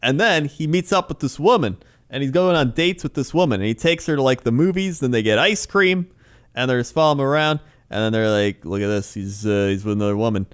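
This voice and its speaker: A man's voice: fairly high pitch, animated, a little fast, clean tone. A man co-hosting a podcast, telling a story in casual chat, mimicking voices and laughing often. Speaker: podcast co-host.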